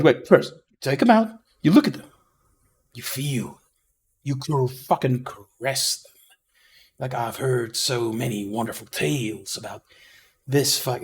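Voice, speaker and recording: A man giving a rambling, profane headphone review, often stopping to correct himself and getting excitable. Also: medium pitch, breathy edge. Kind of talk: casual review monologue.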